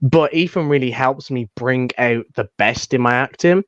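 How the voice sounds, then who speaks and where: A man's voice: medium pitch, normal speed, a bit bright, clean tone, no room sound, lo-fi sound. A young British man, a fan filmmaker, chatting casually and rambling with many restarts. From United Kingdom. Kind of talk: casual chat.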